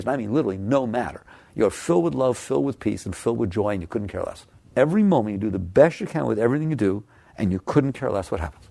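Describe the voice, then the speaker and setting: An older man gives a spiritual talk, his gravelly voice swinging widely in pitch as he turns emphatic. His tone is dark and a little husky. The sound is close and dry. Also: no room sound. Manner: animated, emphatic, acts out inner voices. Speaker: spiritual teacher.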